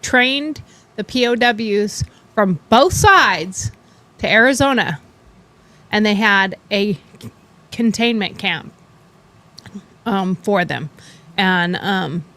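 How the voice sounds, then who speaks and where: A woman's voice: mid-range voice, animated, slow pace, long pauses, fairly bright tone. A woman hosting a casual talk show, chatty and blunt, often laughing. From western United States. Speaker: podcast host. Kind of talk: casual chat.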